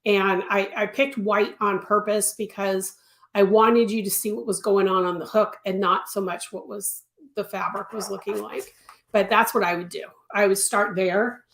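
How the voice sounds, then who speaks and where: A woman teaching crochet in a live-stream tutorial, answering viewers in a chatty way and repeating words for emphasis. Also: medium pitch. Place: home craft studio. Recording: echoey room.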